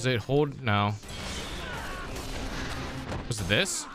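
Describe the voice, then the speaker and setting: A man's voice: medium pitch, huge pitch swings, slow, music in the background. A young man streaming a game, chatting casually, crude and exasperated, swearing a lot.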